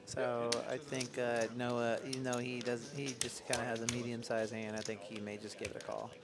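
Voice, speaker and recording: A man's voice: mid-range voice, level tone, brisk. A man doing casual, rambling live poker commentary with frequent laughter. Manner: chatty, laughs often, loose and rambling. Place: card room. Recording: card room crowd noise behind.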